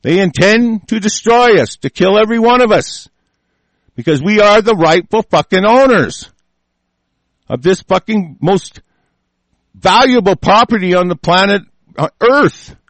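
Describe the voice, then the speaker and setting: Man, angry profane rant, gravelly, fairly high voice, dry close sound. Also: lively intonation, measured pace, a bit bright, no echo. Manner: furious, heavily profane ranting. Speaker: political commentator. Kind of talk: angry solo rant reacting to news.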